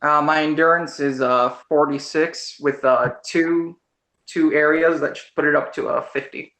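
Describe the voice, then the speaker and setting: A man's voice: fairly high pitch, fairly even intonation, a little slow, a bit bright. A man playing a tabletop game, speaking hesitantly with many fillers as he declares actions. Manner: hesitant, lots of uhs. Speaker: player.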